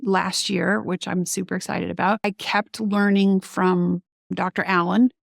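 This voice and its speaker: Animated woman with a gravelly edge. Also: fairly low pitch, measured pace, dry recording, clean studio sound. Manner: animated, acts out quoted remarks. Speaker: guest ENT doctor. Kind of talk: conversational interview storytelling.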